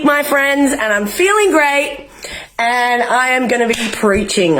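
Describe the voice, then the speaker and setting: A woman's voice: medium pitch, a little hiss or hum. A young Australian woman vlogging from home, ranting with passion and swearing often. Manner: fiery, swearing, emotional, rallying. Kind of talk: impassioned political rant to camera. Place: home, in isolation.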